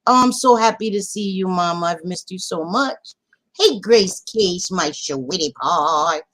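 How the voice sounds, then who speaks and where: A woman hosting a casual livestream, greeting viewers warmly by pet names and swearing freely in animated chat. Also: medium pitch, moderate pace. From Latina. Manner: animated, swearing, affectionate nicknames. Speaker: livestream host.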